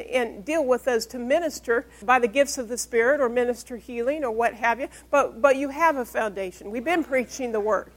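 A woman with a high voice preaches in an emphatic style. She reads scripture verse by verse and stops to ask the congregation questions. Her talk has the firm cadence of a pastor teaching her church. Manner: emphatic, call-and-response questions. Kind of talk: sermon.

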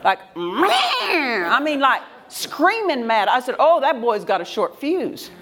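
A woman's voice: fairly high pitch, very animated, normal speed. An older woman pastor preaching a sermon with emphatic repetition, laughing as she tells stories. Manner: emphatic, repeats key words, laughs while telling stories. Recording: congregation responding in the room. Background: congregation calling out amens.

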